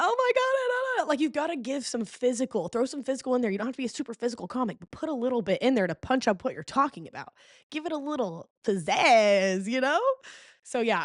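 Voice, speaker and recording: A woman hosting a podcast in casual chat, telling stories expressively, full of "okay?" and "like", with sudden jumps in pitch. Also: no room sound, clean studio sound. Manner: frequent fillers like "okay?" and "like". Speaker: podcast host.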